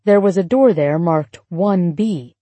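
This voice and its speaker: A woman narrating an audiobook in a steady, measured storytelling voice. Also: fairly low pitch, no room sound. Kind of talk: scripted narration.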